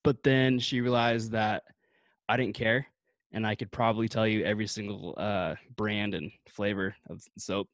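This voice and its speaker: A man's voice: lowish voice, fairly even intonation, normal speed, no echo. A man chatting casually in a laid-back, rambling way, full of fillers. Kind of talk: casual chat.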